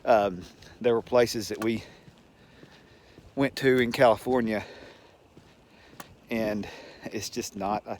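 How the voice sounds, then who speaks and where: A man's voice: on the low side, fairly even intonation, slow, long pauses, darkish tone, slight background noise. Folksy Southern man rambling on a walk. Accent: Southern US, Georgia. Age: older. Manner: folksy, emphatic, chuckles often. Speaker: vlogger. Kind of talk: rambling casual monologue. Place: outdoors, walking.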